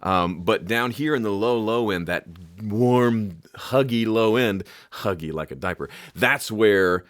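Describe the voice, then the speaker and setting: A middle-aged man who teaches music production talks to the camera about audio mixing in a casual, joking style, speaking a little slowly in a fairly low voice. He's animated and now and then makes sound effects with his mouth. The recording is clean studio audio with no room sound.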